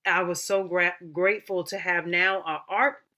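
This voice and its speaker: Warm, chatty and animated, this woman tells her story to a panel with a bright, sharp tone sitting a little low in her range. She drops in "honey" and "girl" as she goes, like talking to friends. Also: normal speed. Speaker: opera singer and mother. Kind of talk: casual panel chat.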